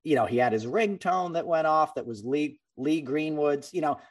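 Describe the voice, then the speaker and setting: A man hosting a podcast, talking bluntly and with energy and slipping into quick mimicry of the people he describes. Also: fairly high pitch, recorded from a distance. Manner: blunt, animated, mimics people he talks about. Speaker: podcast host. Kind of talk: casual political chat and storytelling.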